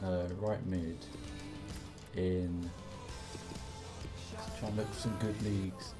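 A young man swearing and reacting excitedly while commentating his own football video game, with game music behind him. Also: sits low, slow pace. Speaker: gaming commentator. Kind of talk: casual gameplay commentary.

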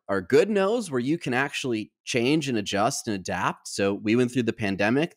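Guy cohosting a podcast, tells stories and acts out the dialogue, mid pitch, chatty. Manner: animated anecdotal storyteller, acts out quoted dialogue. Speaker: podcast co-host. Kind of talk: conversational podcast storytelling.

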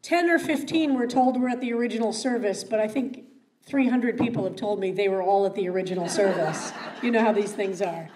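A woman's voice: medium pitch, brisk, background noise. Earnest woman rabbi giving a talk. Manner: earnest, wry asides. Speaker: rabbi, guest speaker. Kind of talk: public talk. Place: meeting room.

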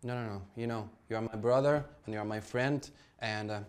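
A man's voice: lowish voice, fairly even intonation, a little fast, natural voice. A man playing a clumsy young man who stammers and apologizes. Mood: apologetic. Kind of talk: amateur English-lesson drama.

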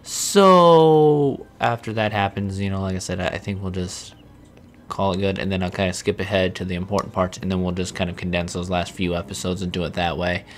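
Young man, lowish voice, casual game commentary, profane, easily exasperated, faint background hiss. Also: steady tone, brisk. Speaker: Let's Play host.

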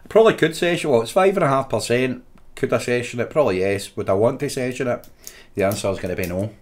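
A man's voice: mid-range voice, fast talker. A Scottish man co-hosting a podcast, chatting casually, laughing readily and trailing off mid-sentence. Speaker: podcast co-host. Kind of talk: casual chat.

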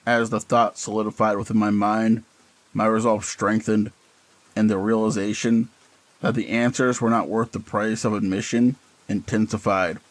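A man with a somewhat low voice narrates a horror story in the first person. His delivery is dramatic and intense, with a tense, storytelling pull. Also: flat delivery, moderate pace, no room sound, low-quality recording.

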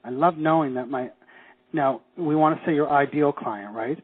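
A man leading a teleseminar, coaching listeners through phrases and slowing down to stress key words. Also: on the high side, slightly rough, no echo. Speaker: seminar leader. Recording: tinny phone line.

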